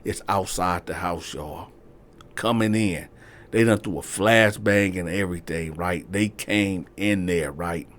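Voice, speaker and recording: A man's voice: deep voice, a little slow, a bit bright, a little hiss or hum. A man casually telling a story, addressing listeners directly and often checking in with "right?". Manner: conversational, addresses listeners as y'all, frequent "right?". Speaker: host.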